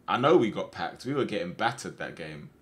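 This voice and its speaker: Young guy streaming a football game, kinda low voice, gets loud and hyped yelling at his players. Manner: excitable, shouts at his players on screen. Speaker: gaming streamer. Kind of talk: casual game commentary.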